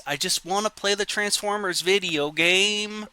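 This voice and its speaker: Very bright, frustrated male streamer. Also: sits high, a little slow, smooth, dry recording. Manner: frustrated muttering over technical trouble. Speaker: game streamer. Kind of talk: live stream commentary.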